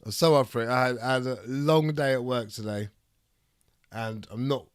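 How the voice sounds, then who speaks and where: A man with a raspy voice from a cold, chatting casually on a live stream and reading chat aloud. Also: medium pitch, normal speed, no room sound, clean studio sound. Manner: reads chat aloud, rambling and swearing. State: ill with a cold, raspy throat. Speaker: streamer hosting a debate.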